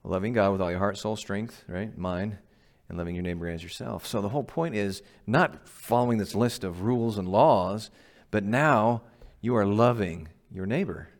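A man's voice: on the low side, normal speed. A man, a pastor, giving a conversational, emphatic sermon and often asking the congregation questions. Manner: laughs at himself.

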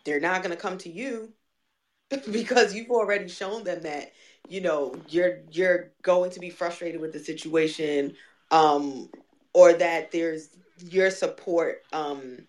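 A woman's voice: on the low side, slow. A woman in casual conversation who talks candidly and emphatically, swearing freely.

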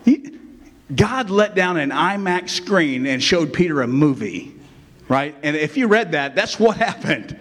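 A man's voice: on the high side, sing-song, measured pace, fairly bright tone. A man preaching a sermon as pastor in a casual, conversational way, often checking in with the congregation. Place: church. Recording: long reverb of a church hall.

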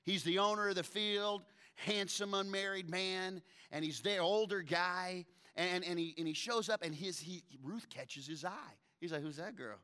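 Male preacher, thirties, higher-pitched and bright, animated storyteller who slips into character voices. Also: unhurried, hardly any pauses, smooth. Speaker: pastor. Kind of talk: sermon.

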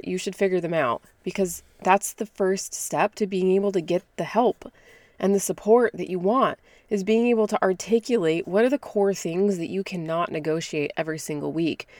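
A woman's voice: lowish voice, darkish tone, no room sound. A woman in her thirties hosting a podcast, giving casual, direct advice and laughing often. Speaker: podcast host. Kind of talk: casual motivational talk.

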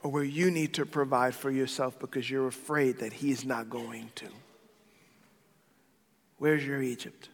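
A man, a pastor, preaching an emphatic sermon that swings between loud and quiet. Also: medium pitch, steady tone, measured pace, pauses often. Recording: long hall reverb with soft background music.

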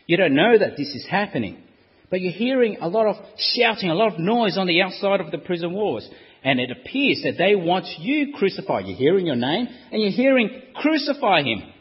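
A man preaching a sermon, telling the story dramatically and acting out the crowd's shouts. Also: sits high, husky, big-room sound, dull audio.

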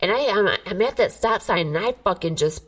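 A podcast co-host tells a heated story in casual chat, speaking briskly in a medium-pitched voice and swearing a lot. She is animated, and the recording picks her up from a distance.

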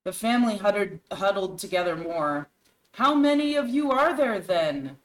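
A woman's voice: medium pitch, lively intonation, moderate pace, rough recording. A woman co-hosting a talk show, reading scary stories aloud with dramatic storytelling and shifting voices for the characters. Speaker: co-host.

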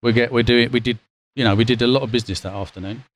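A man, a former bond trader, guesting on an interview and telling stories in a casual, lively way. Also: mid-range voice, racing. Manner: lively, acts out quotes, laughs while telling. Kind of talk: casual anecdotal storytelling.

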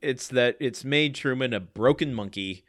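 A man co-hosting a casual podcast who talks chattily, fills his pauses with ums, and teases his partner. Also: medium pitch, fairly bright tone. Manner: chatty, hesitant with ums, teasing. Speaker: podcast co-host. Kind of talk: casual chat.

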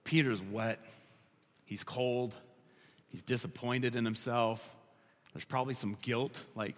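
A man preaching a sermon as pastor, animated, slowing down to stress his key lines. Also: medium pitch, big-room sound.

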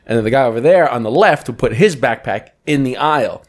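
A man's voice: mid-range voice, lively intonation, brisk. A young man co-hosting a casual podcast, telling stories loosely and joking, swearing often. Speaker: podcast co-host. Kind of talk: casual chat.

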